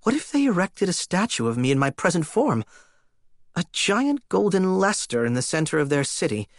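A man's voice: sits high, very animated, moderate pace, no echo, studio quality. A man narrating an audiobook in the first person with a wry, theatrical delivery.

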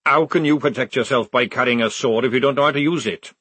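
A gruff, loud male drill sergeant, put on by a man reading a storybook. He barks orders with a husky edge and lively swings in pitch, recorded close and dry. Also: moderate pace, no echo. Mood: commanding.

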